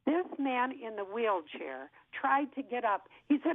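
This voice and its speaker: A woman in her sixties, an actress, telling an animated story in an interview and acting out what people said. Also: on the high side, a little slow, few pauses, dry recording. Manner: lively storyteller who acts out what people said. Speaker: actress guest. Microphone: telephone. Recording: tinny phone line.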